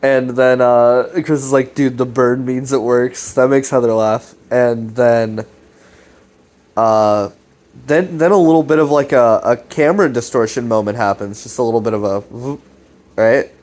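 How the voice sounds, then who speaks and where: A man's voice: mid-range voice, measured pace, a little mellow. A man casually rambling through a recap of a web series, with lots of fillers, restarts and swearing.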